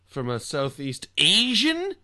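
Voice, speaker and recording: A man's voice: on the high side, huge pitch swings, takes it slowly, sharp tone. A man co-hosting a casual comedy podcast, reading out news items and teasing his friends with mock insults. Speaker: podcast co-host.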